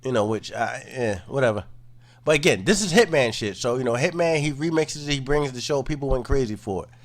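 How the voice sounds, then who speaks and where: A man giving casual commentary, relaxed and low-key, full of "you know" fillers. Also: a little fast.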